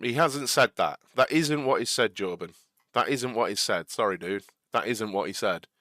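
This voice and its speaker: Lively, bright-voiced young male stream host. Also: fairly low pitch, dry recording, clean studio sound. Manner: replies to viewer chat, earnest and a bit exasperated; halting, many restarts and repeated words. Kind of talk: casual live watch-along chat.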